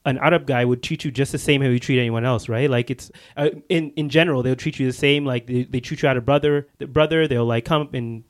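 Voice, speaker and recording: A man's voice: mid-range voice, fairly even intonation. A man co-hosting a casual conversation, explaining his view in long, earnest stretches. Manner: earnest and talkative, drawn-out explanations. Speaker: podcast co-host.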